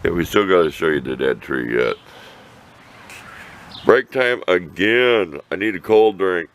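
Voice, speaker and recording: A folksy older man with a low, lively voice, chatting to the camera while he works outside. He rambles, talks to himself and answers his own questions. Faint outdoor noise sits behind him. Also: measured pace. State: out of breath. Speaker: vlogger. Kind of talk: casual outdoor chat to camera.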